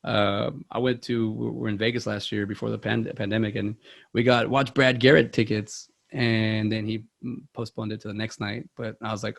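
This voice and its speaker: A man's voice: lowish voice, fairly quick, gravelly. A man hosting a movie podcast in casual, rambling chat, self-deprecating with many restarts. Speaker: podcast host.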